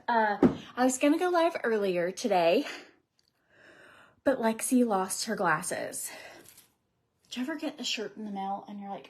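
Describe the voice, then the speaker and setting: A woman's voice: medium pitch, expressive, measured pace, long pauses. A woman in her thirties doing her makeup on a livestream, chatting in a rambling, casual way and often dropping to a near whisper. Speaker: beauty vlogger. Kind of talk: casual get-ready-with-me livestream chat.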